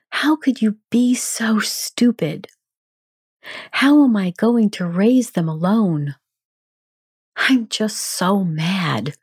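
A woman's voice: fairly low pitch, a little mellow, husky, no room sound, studio quality, heavily acted. A woman voicing an angry grieving widow who rails at her late husband in shaky, pleading outbursts.

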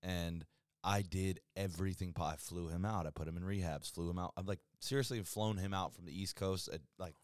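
A man's voice: low voice, fairly even intonation, brisk, no room sound, studio quality. A man hosting a podcast in casual chat, chiming in with short jokes and reactions. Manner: short joking interjections. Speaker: podcast host.

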